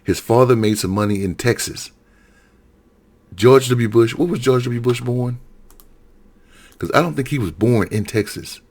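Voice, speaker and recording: A man's voice: medium pitch, moderate pace, darkish tone. A middle-aged man from Alabama giving a heated solo rant, often repeating and correcting himself. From Alabama, USA. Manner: heated, repetitive, self-correcting. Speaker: political commentator.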